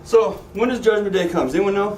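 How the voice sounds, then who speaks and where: A man's voice: high-pitched, fast, a little mellow, a little hiss or hum. A man teaching a Bible class, joking and asking his students questions. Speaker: Sunday school teacher. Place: church classroom. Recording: echoey room, voice from a distance.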